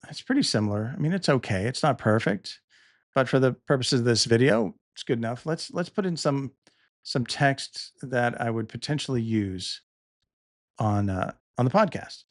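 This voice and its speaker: Demonstrating tools in a casual tutorial, a middle-aged podcast host talks at normal speed in a relaxed, middle-pitched voice. He thinks out loud and occasionally restarts to correct himself. The recording is dry, made close to the mic in a dry room.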